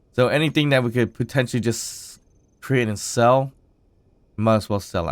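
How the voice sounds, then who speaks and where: A man hosting his gaming channel, chatting casually as he plays, thinking aloud with fillers, his voice still rough from a recent illness. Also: on the low side, dry recording. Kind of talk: casual gameplay commentary.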